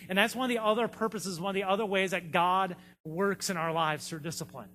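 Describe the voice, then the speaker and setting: A man's voice: high-pitched, fairly even intonation, fairly quick, hardly any pauses, sharp tone, in a large hall, a little hiss or hum. A man preaching a sermon as a pastor, telling stories in a conversational way with frequent fillers. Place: church sanctuary.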